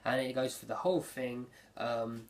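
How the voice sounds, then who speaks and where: A man chatting through an episode recap in a loose, rambling way. He gets excitable and piles on "um" and "like" as he goes. His voice sits at an ordinary middle pitch. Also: moderate pace, a little hiss or hum. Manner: rambling, filler-heavy, excitable. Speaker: anime reviewer.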